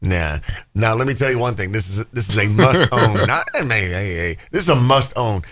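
Male podcast host, bright tone, profane and rambling storyteller. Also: lowish voice, expressive, normal speed. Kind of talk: uncensored casual podcast chat.

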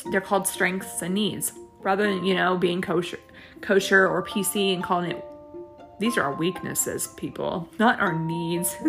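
A woman hosting her own podcast, talking casually and encouragingly about faith, with lots of fillers and restarts. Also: medium pitch. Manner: chatty and reflective, with many fillers and restarts; faith-based encouraging talk. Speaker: podcast host. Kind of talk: casual solo podcast monologue.

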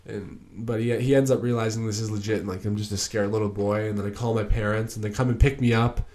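Chill young dude rambling on his solo podcast, kinda low voice, lots of likes and you knows. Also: steady tone, quick pace, darkish tone. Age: young adult. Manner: laid-back, rambling, many fillers and restarts. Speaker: podcast host. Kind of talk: casual solo podcast storytelling.

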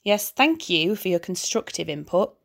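A woman voicing a fussy, anxious male angel who speaks in a polite, hurried way. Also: on the low side, very animated, creaky. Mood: fretful. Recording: background hiss.

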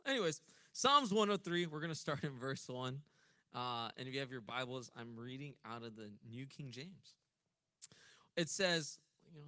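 A man's voice: mid-range voice, pushed and bright, no echo. A young man with a Texan accent preaching a casual youth sermon in a church, joking and chatty, with many fillers between scripture readings. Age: young adult. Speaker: minister. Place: church sanctuary.

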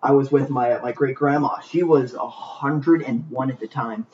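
A man's voice: mid-range voice, moderate pace, highs cut off, very noisy. A young man in casual podcast banter, telling a story with lots of laughter. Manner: animated storytelling with frequent laughs.

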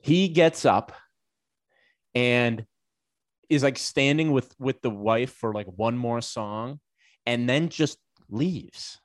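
A man casually telling a long, animated anecdote on a podcast, with lots of swearing. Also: mid-range voice, slow pace, pauses often, dry recording, clean studio sound. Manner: animated, profane anecdote telling with acted quotes. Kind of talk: casual storytelling chat.

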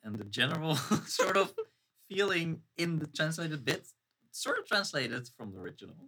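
A man with a bright, somewhat husky voice hosts a loose, casual quiz. He reads out oddly translated quotes and laughs along with his friend. His tone is easygoing and conversational. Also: a little high, sing-song, normal speed. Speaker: quiz host. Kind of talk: casual chat.

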